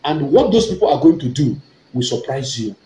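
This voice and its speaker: A man's voice: mid-range voice, big pitch swings, fairly quick, warm tone, echoey room, low-quality recording. A man with a Nigerian accent giving an impassioned, emphatic political talk, often repeating himself and rising to fervent outbursts. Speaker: online activist broadcaster.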